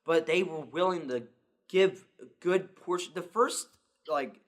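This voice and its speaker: A young man with a slightly high voice, talking through a film in a loose podcast chat. He rambles with excitement, piling on fillers and acting out bits of scenes as he goes. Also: unhurried. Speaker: podcast co-host. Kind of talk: casual movie review chat.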